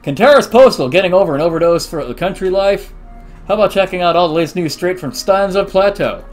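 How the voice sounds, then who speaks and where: A man voicing a hyped, salesy male ad announcer for an in-game advertisement, with loud, exaggerated emphasis. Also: high-pitched, animated, fast talker, faint music behind.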